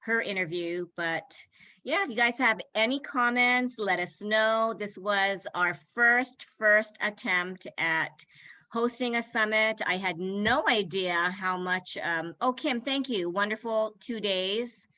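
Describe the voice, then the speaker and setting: A woman hosting an online parenting summit, chatty and quick to laugh and get emotional. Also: mid-range voice, sharp tone, rough recording. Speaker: summit host. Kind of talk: casual online video chat.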